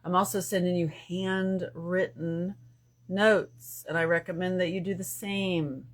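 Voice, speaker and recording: A woman hosting a casual spiritual live stream from her phone. She jumps between loud bursts and hushed asides and swears freely. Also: lowish voice, steady tone, measured pace.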